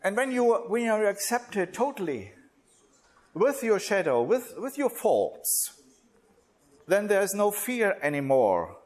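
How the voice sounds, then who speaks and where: A man leads a religious workshop in a slightly higher register, his pitch rising and falling with strong expression. He speaks slowly, pausing often and restarting phrases. His English has non-native phrasing. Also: big pitch swings, a little mellow. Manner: slow, deliberate, with many pauses and restarts.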